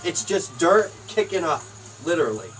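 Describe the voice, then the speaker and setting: Young guy talking low and tired, kinda far off the mic, music going in the back. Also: very animated, a bit bright. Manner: low, tired and deliberate, swears often. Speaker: friend telling his side. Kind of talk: casual storytelling. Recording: distant from the mic, music in background.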